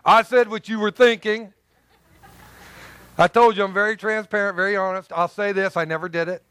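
A man preaching a sermon as pastor, lively and joking, swinging between loud emphasis and soft asides. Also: high-pitched, moderate pace, smooth, no room sound.

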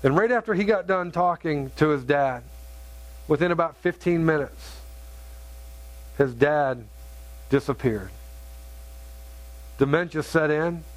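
A middle-aged man preaching a sermon, telling a story in an earnest, halting way with many restarts. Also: a little high. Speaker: pastor.

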